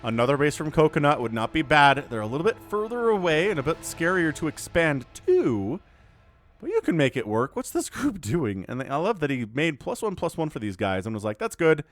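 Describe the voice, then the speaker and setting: Guy casting a match solo, kinda high voice, super bouncy delivery, joking around. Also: fairly quick, soft background music. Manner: excitable play-by-play, jokey asides, voices the units. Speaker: esports shoutcaster. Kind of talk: solo game commentary.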